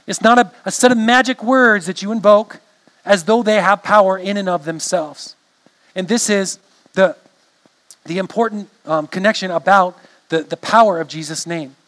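A man's voice: high-pitched, normal speed, fairly bright tone, poor audio. A man preaching a sermon in a conversational way, often restarting phrases and checking in with the congregation. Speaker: pastor.

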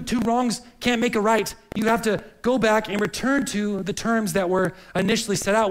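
A man's voice: high-pitched, low-quality recording. A man preaching a sermon in an earnest, searching way, often repeating words as he reaches for the next phrase. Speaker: pastor.

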